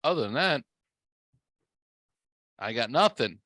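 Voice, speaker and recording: A man co-hosting a casual podcast, animated and quick to interrupt, swearing and acting mock-incredulous. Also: mid-range voice, dry recording. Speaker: podcast co-host.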